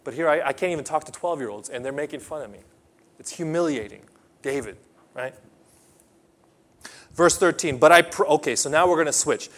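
An emphatic sermon comes from a pastor whose first language isn't English, his voice slightly high and brisk, broken by long pauses. He shifts between loud outbursts and quiet asides.

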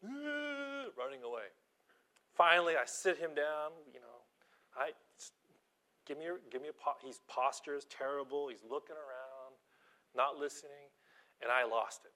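Telling teaching stories in a relaxed sermon, this preacher-schoolteacher keeps a moderate pace in a mid-range voice. His animated, self-deprecating delivery swings between quiet asides and loud bursts of emphasis.

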